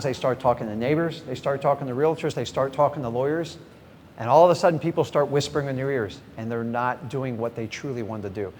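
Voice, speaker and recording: A middle-aged real estate investing trainer leads a live seminar in a large event hall before an audience. Energetic and direct, he speaks at medium pitch, often questions the crowd and answers himself, and acts out sample conversations. The hall is echoey, with faint background noise.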